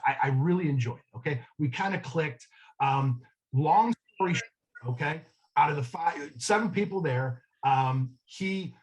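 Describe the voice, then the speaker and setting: A man's voice: fairly high pitch, rough recording. Chatty man with frequent "okay?" asides. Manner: conversational storytelling, frequent "okay?" check-ins. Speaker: real estate trainer. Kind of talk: sales training talk.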